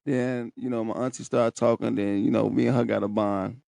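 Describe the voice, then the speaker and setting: A young man recounts his own story on a podcast, candid and profane with open emotion. His voice has a gravelly, fried edge at a middling pitch. The sound is dry and close, with no room around it. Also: steady tone, moderate pace, dark tone, dry recording. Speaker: podcast host. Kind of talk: casual personal storytelling.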